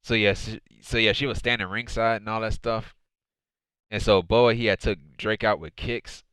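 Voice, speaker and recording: Male host, low and crisp, rambling chatty recap, lots of "man" and "dude". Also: steady tone, moderate pace, fairly bright tone, no echo. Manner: rambling, repeats phrases, says "man" and "dude" often. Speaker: wrestling show reviewer. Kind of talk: casual recap commentary.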